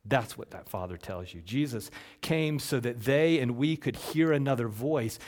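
A male pastor preaching a sermon, asking rhetorical questions and swinging between loud emphasis and hushed, slowed lines. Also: mid-range voice. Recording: long reverb from a large hall.

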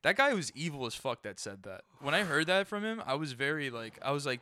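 A man's voice: on the high side, very animated, a little fast, sharp tone, no room sound. A man hosting a podcast in laid-back casual chat, swearing and laughing often. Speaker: podcast host. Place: comedy venue.

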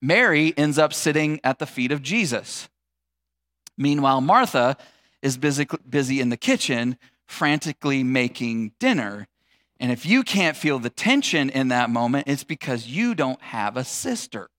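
A man's voice: mid-range voice, very animated, normal speed, a bit bright. A male pastor preaching a conversational, humorous sermon that acts out scenes.

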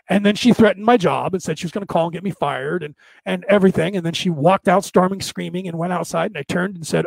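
A man's voice: sits high, a little fast, vocal fry, no room sound, rough recording. A man giving a blunt, profane, lecturing monologue, often checking in with "okay?".

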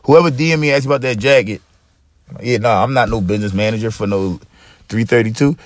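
A man's voice: medium pitch, brisk, no echo. Profane, rambling podcast host man. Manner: profane, rambling, lots of fillers and repeats. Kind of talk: casual chat.

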